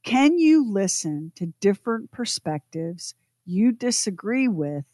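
A woman's voice: mid-range voice, big pitch swings, unhurried, mellow, no echo, studio quality. A woman co-hosting a casual radio show, teasingly quizzing the men. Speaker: co-host.

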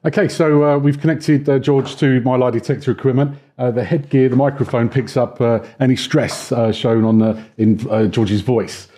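A man working as a lie detector examiner, explaining the procedure haltingly, with frequent "uh" fillers. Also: medium pitch, fairly even intonation, dark tone.

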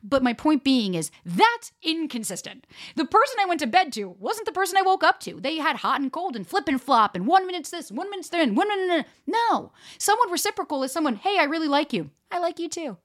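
A woman's voice: high-pitched, big pitch swings, a little fast, a bit bright. A young woman hosting a solo dating-advice podcast, talking frankly and swearing freely as she speaks straight to her listeners. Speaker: dating coach podcast host. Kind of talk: casual solo podcast talk.

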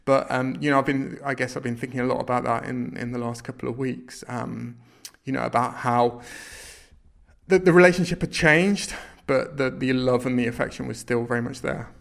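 A man co-hosting a podcast, speaking in a halting, reflective way and repeating words as he searches for them. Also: medium pitch, gravelly, a bit bright. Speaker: podcast co-host.

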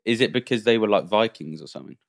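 A young man, co-hosting a casual podcast. He tells stories animatedly and puts on voices for the people he quotes. His voice sits slightly low, and he swears freely. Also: animated, fast talker, creaky. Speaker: podcast co-host. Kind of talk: casual chat.

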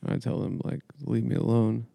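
A man co-hosting a podcast, telling rambling dream stories in a deadpan, casual way. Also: mid-range voice, normal speed, gravelly, dry recording, clean studio sound. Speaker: podcast co-host. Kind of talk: casual comedic chat. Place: small dry studio room.

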